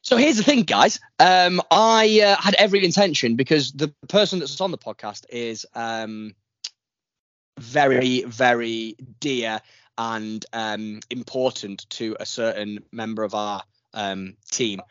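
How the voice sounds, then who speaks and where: A man's voice: mid-range voice, unhurried, a bit bright, no room sound, dull audio. A man hosting a casual podcast, rambling and jokey, poking fun at himself. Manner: rambling, jokey, self-deprecating. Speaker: podcast host.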